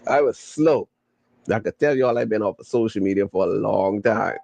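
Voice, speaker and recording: A man hosting a podcast, casually chatting and reading viewer comments in a playful, slangy, excitable way. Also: fairly low pitch, normal speed, vocal fry, slight background noise. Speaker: podcast host.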